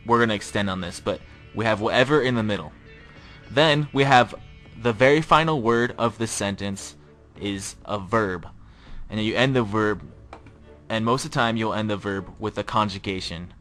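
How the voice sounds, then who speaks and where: A man teaching a casual podcast language lesson, informal and repeating example phrases slowly. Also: lowish voice, a bit bright.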